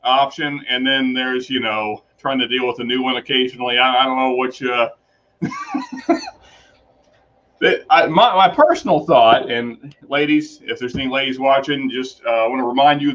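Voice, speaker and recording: A man's voice: medium pitch, a bit bright, dull audio, a little hiss or hum. A man chatting as a guest, hesitant and laughing, thinking aloud as he speaks. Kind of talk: casual chat.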